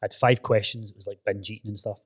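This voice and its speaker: Scottish pt talking fast in a gym, swears a lot, calls everyone mate. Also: male voice, lowish voice, level tone. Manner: blunt and sweary, with lots of "mate" and "aye". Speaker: podcast host and personal trainer. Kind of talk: casual chat.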